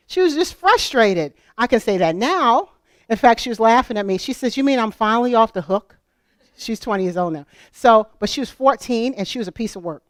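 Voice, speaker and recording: Smooth-voiced middle-aged woman telling stories. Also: medium pitch, no room sound, clean studio sound. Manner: animated, conversational, asks the audience questions. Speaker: speaker at a homeschool convention. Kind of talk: storytelling conference talk.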